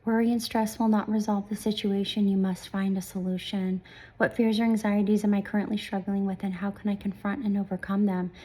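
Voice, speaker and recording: Soft-spoken woman reading tarot. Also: mid-range voice, little pitch movement, fairly quick, rough recording. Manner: soft-spoken, often hushed to a whisper. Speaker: tarot reader. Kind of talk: casual tarot reading vlog. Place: home room with sleeping dogs nearby.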